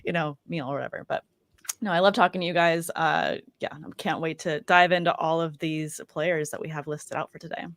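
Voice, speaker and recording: Bubbly chatty woman guest, low voice. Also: steady tone, brisk, fairly bright tone, no echo. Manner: bubbly and chatty, laughing easily. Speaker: podcast guest, fantasy analyst. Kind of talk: casual chat.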